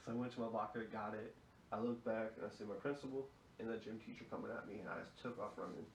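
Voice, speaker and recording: A man's voice: lowish voice, steady tone, quick pace, gravelly, a little hiss or hum. Profane young man, echoey room. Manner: profane, chuckling storyteller. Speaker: fill-in podcast host. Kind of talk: casual storytelling.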